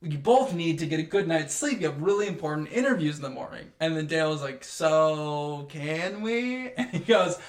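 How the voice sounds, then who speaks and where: A man co-hosting a movie review podcast, chatting casually and acting out scenes with animated quoted lines. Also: a little high, quick pace, hardly any pauses, roomy sound. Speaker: podcast co-host.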